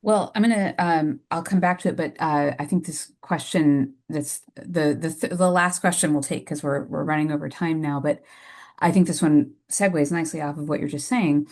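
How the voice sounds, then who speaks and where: A woman's voice: sits low, moderate pace, a little mellow. A woman moderating a question-and-answer session, informally reading out audience questions and adding her own thoughts.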